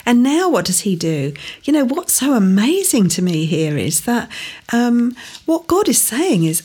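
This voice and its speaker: A woman's voice: on the high side, very animated, a little slow, a little mellow, slightly rough. A woman preaching a sermon, teaching earnestly from scripture with emphatic rising stresses.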